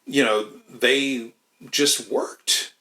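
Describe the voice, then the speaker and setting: A man's voice: mid-range voice, steady tone, extremely slow, bright, forceful tone, echoey room, low-quality recording. A man in casual podcast chat, rambling with lots of swearing and restarts. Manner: rambling, profane, many restarts.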